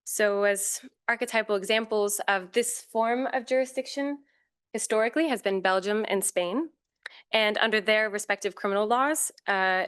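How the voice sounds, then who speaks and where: Woman, conference panel speaker, formal academic presentation, clear resonant voice, middle pitch. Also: fairly bright tone. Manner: formal, measured, with occasional fillers and self-corrections.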